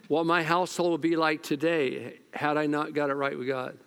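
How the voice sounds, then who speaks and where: An older male pastor delivering a sermon in a fairly high voice. He talks in a loose, colloquial way, rising to loud urging and dropping to quiet, confessional storytelling, repeating himself when he gets worked up. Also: normal speed, gravelly, hardly any pauses, clean tone. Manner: animated, swings from loud exhortation to hushed storytelling.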